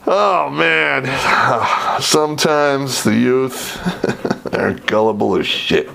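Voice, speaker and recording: A man's voice: mid-range voice, animated, slow pace, vocal fry, sharp tone, a little hiss or hum. A middle-aged man telling army stories in a casual, profane, laid-back way, often laughing as he talks. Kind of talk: casual storytelling.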